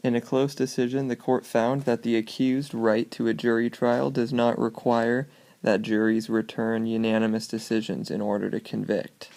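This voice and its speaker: A man with a gravelly voice and a middle pitch reads short case summaries aloud in a loose, casual way. Now and then he breaks off for offhand jokey asides. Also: flat delivery, moderate pace, a little mellow. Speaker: student presenter.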